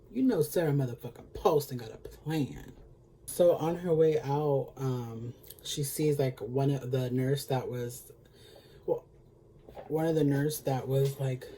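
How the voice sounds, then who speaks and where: A man's voice: medium pitch, warm tone, a little hiss or hum. Chatty, sassy man recapping a show. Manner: chatty and sassy, heavy filler words, swears freely. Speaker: beauty vlogger. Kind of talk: casual TV episode recap.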